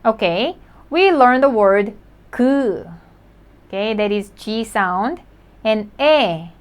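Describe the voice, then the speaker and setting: A woman teaches a language lesson, patient and encouraging, repeating each word slowly so learners can practice. Her voice is medium-pitched, animated and smooth.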